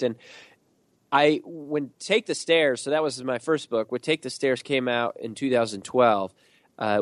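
A man speaks as a podcast guest, telling stories with animated energy and rhythmic lists. His voice sits in an ordinary middle pitch, recorded close and dry with no room sound. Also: no room sound. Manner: animated storyteller, lists in quick rhythmic pairs. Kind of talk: storytelling interview answers.

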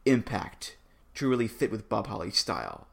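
A man's voice: lowish voice, huge pitch swings, normal speed, vocal fry, slightly rough. A man co-hosting a podcast, giving wry, joking opinions in casual chat. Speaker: podcast co-host.

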